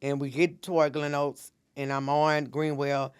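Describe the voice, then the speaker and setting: A woman's voice: deep voice, flat delivery, unhurried, smooth. A middle-aged woman speaks as a podcast guest and minister. She tells her story with earnest intensity and acts out the words of everyone involved. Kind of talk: emotional personal storytelling.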